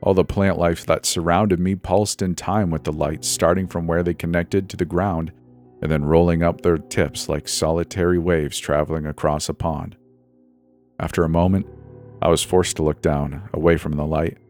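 A man narrating a scripted first-person horror story in a tense, steady way. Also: sits low, moderate pace, faint music behind.

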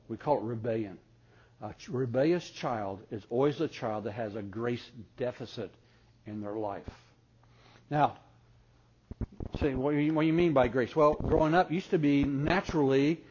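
An older man speaking at a parenting seminar, a folksy storyteller who quizzes the audience and swings from loud excited bursts to soft, close asides. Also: medium pitch, highs cut off, a little hiss or hum. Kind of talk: live seminar talk with audience questions.

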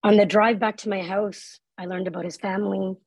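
A woman's voice: medium pitch, flat delivery, a little fast, breathy edge, no echo, rough recording. A woman speaking on workplace inclusion, telling a personal story in an earnest, conversational way, often saying "like" and "right?". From Canada. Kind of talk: live talk with a personal story.

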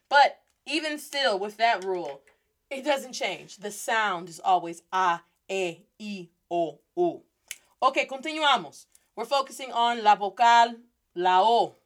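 A woman's voice: medium pitch, animated, unhurried. A woman hosting a playful Spanish lesson, mixing Spanish words into English and acting out little scenes. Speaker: Spanish teacher and host. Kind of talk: energetic casual language lesson.

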